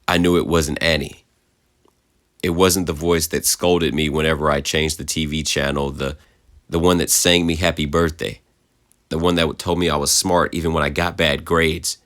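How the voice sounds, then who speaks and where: A man narrating a creepypasta horror story in a measured, somber way. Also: very deep voice, a bit bright.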